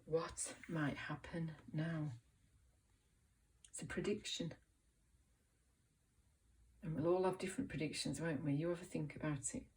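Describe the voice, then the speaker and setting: A woman teacher giving an encouraging, expressive reading lesson to young children, asking them questions about the story. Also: low voice, a little slow, long pauses. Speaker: primary school teacher.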